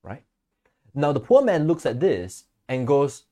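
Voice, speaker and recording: A man co-hosting a podcast speaks in an unhurried, mid-range voice. He's a relaxed storyteller who laughs readily and performs the quotes he recounts in casual chat.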